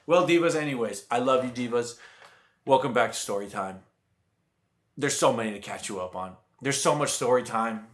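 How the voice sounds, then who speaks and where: Animated young man telling a story. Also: mid-range voice, moderate pace. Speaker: vlogger. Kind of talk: casual storytime vlog. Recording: echoey room.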